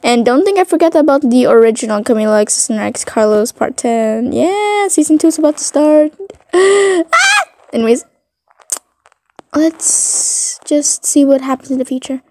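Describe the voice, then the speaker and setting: A woman's voice: high voice, animated, normal speed, dark tone. A woman narrating a fan story casually, rambling with many fillers. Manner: rambling, filler-heavy, giggly.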